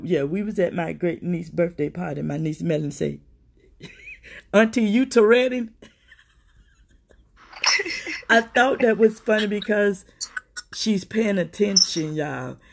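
A woman's voice: on the low side, creaky, a little mellow, husky. A middle-aged woman hosting a podcast, talking candidly and emotionally about her own struggles, swearing freely and often turning to her listeners. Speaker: podcast host. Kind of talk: personal confessional talk.

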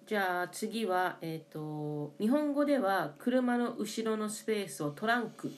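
Japanese lady co-host, quick talker, repeats the words back. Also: medium pitch, lively intonation. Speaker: co-host asking questions. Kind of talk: bilingual language lesson.

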